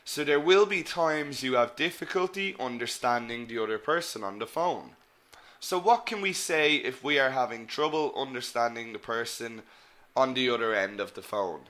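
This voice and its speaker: A man teaching an online business English lesson, explaining vocabulary and repeating example words slowly and deliberately. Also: mid-range voice, lively intonation, sharp tone.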